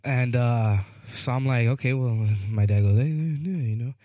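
A man's voice: mid-range voice, fairly even intonation, normal speed, warm tone, dry recording, studio quality. A man co-hosting a podcast, telling a long rambling story in casual chat, often asking "you know what I mean" and acting out the people in it. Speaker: podcast co-host.

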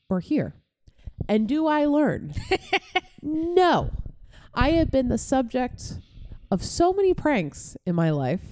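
A woman co-hosting a podcast, telling stories in an animated, casual way, swearing freely and laughing often. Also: mid-range voice. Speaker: podcast co-host. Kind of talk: casual chat.

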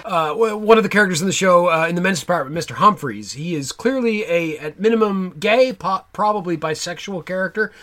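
A man's voice: high voice, lively intonation, brisk, hardly any pauses, pushed and bright, a faint crowd, slight background noise. A man from Nova Scotia hosting a podcast in casual chat, enthusiastic and digressive with lots of fillers. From Nova Scotia, Canada. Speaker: podcast host.

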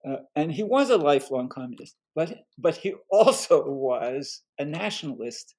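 A man, an author, explaining history in a thoughtful conversational way, pausing with fillers and restarting sentences. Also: fairly high pitch, sing-song, a little mellow. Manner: thoughtful, many fillers and restarts, quotes others in passing. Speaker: author discussing his book.

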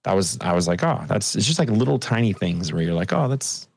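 A man with a very deep voice chats with friends on a podcast. He talks in an easy, laid-back way about things that happened to him. The sound is close and dry. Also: animated, quick pace, vocal fry, darkish tone, dry recording. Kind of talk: casual chat.

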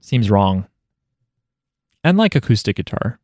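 A man hosting a podcast, chatting casually with offhand, deadpan jokes. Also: on the low side, unhurried, no room sound, clean studio sound. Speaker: podcast host. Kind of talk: casual chat.

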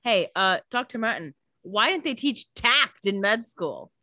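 A woman's voice: mid-range voice, big pitch swings, unhurried, pushed and bright, no echo, studio quality. A woman co-hosting a casual podcast, giving playful, slangy fan reactions to a TV episode. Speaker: podcast co-host.

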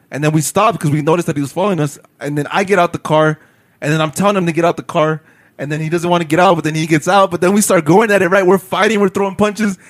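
A man's voice: sits high, dry recording. A man telling a story in a casual, slangy chat, swearing and laughing often.

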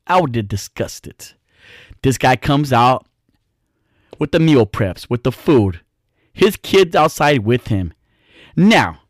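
Animated man telling a story. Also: fairly high pitch, no echo, clean studio sound. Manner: profane, animated, exaggerated disgust. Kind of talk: casual storytelling monologue.

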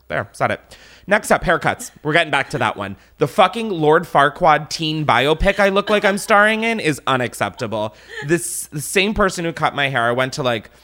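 Animated, lively-voiced podcast host ranting. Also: male voice, a little high. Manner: animated ranting with profanity and laughs. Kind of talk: casual podcast chat.

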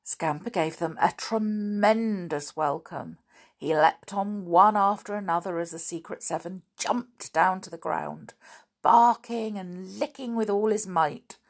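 A woman hosting a storytelling podcast, reading a children's book aloud in a friendly, gently animated way. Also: medium pitch, measured pace.

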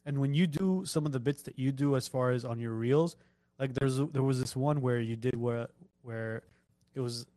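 A man's voice: mid-range voice, normal speed, no echo. A man hosting a podcast, chatting casually and acting out the lines he quotes while telling stories. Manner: animated storytelling, acts out quoted lines. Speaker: podcast host. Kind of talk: casual chat.

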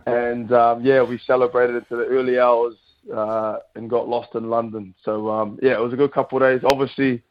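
A man's voice: mid-range voice, flat delivery, moderate pace, lo-fi sound. A man in his thirties with a New Zealand accent, chatting casually as a radio guest with plenty of fillers. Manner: laid-back, chatty, lots of fillers. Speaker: guest rugby player.

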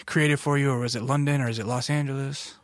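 A man's voice: medium pitch, fairly even intonation, fast talker, no echo, studio quality. A man hosting a casual interview, chatty and agreeable, often fumbling his way into his questions. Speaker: podcast host.

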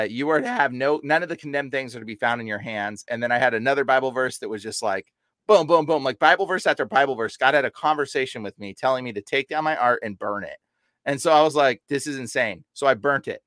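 A young man who is a deliverance minister tells an animated story as a podcast guest in casual chat. Excitable, he acts out quotes with sudden, big jumps in pitch, and there's no room sound.

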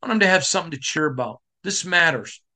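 A middle-aged man from Michigan hosting a sports podcast, giving a passionate, emphatic monologue that climbs to shouting. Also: a little high, animated, fast. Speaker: podcast host.

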